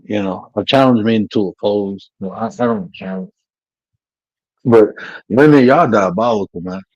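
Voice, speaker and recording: A man talking bluntly and profanely from home on a live-stream panel, telling animated stories with laughter. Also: on the low side, moderate pace, no echo, lo-fi sound.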